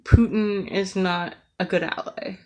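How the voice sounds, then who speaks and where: Slow, flat-voiced American woman ranting. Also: medium pitch. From United States. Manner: earnest, impassioned, with hesitant fillers. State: emotional, near tears. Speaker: vlogger. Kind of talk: emotional political rant.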